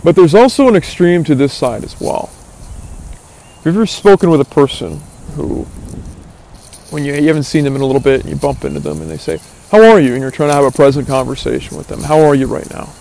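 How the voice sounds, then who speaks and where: A man's voice: fairly high pitch, fast talker, vocal fry, mellow. A man giving an earnest, philosophizing monologue, thinking aloud with asides and fillers. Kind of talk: reflective motivational monologue.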